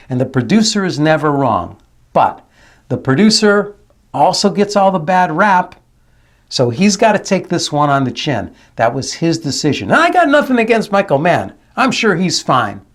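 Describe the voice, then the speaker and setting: A man who works as a dialect coach hosts his channel, giving emphatic commentary and repeating his key phrases. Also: sits high. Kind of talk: analytical commentary to camera.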